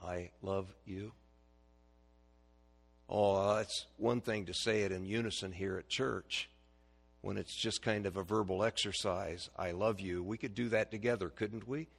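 Male preacher, gravelly and husky, folksy sermon, asks the pews questions. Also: lowish voice, fairly even intonation, normal speed. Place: church.

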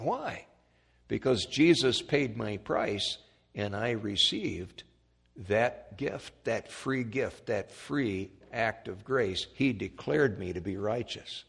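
A man preaching a sermon, emphatic, swinging from loud peaks to quiet asides. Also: creaky, husky. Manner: emphatic, rising to loud peaks then dropping low. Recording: long hall reverb.

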